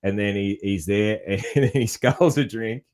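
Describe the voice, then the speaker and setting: A man's voice: lowish voice, unhurried, a little mellow. A man with an Australian accent hosting a podcast, telling stories in a laid-back, rambling way. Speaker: podcast host. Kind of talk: casual interview chat.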